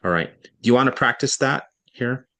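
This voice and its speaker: A man working as a reading tutor, reading a passage aloud and coaching, deliberately stressing key words and slowing down to make a point. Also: medium pitch, lively intonation, fairly bright tone.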